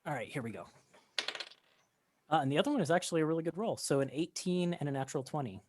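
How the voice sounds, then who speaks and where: A man running a tabletop game as game master, narrating in a relaxed way with lots of fillers. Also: on the high side, quick pace.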